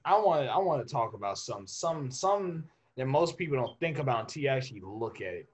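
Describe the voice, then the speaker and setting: Husky, lively young man telling stories. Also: medium pitch, fairly quick. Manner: animated storyteller, laughs often. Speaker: podcast co-host. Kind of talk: casual chat.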